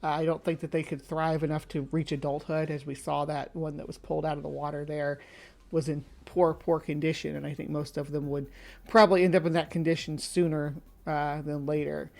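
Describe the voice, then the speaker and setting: A woman's voice: sits low, level tone, a little fast, vocal fry, a little mellow. A woman hosting a casual livestream, talking in a chatty way with plenty of hesitations. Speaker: channel host.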